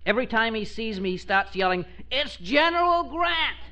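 An actor playing a whiny, put-upon friend of the household in a 1950s radio sitcom. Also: male voice, very high-pitched, sing-song, normal speed. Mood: griping. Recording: noisy old radio broadcast.

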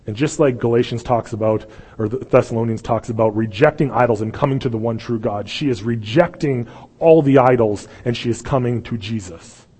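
A man's voice: medium pitch, brisk, breathy edge, long reverb tail. A man preaching a sermon as pastor, telling the story with energy and acting out the voices of the people in it. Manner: animated storytelling, acts out voices. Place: church sanctuary.

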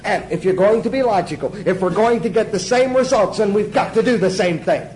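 Emphatic high-voiced male preacher. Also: brisk, a little mellow, a little hiss or hum, poor audio. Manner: emphatic, asks the class questions and answers them, chuckles. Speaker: Bible teacher. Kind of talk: sermon teaching to a class.

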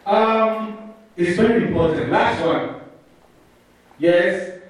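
A man teacher giving a lively talk to a live audience, playfully calling on people and leading call-and-response. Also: high-pitched, takes it slowly. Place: large room with an audience. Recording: echoey room, mic far off.

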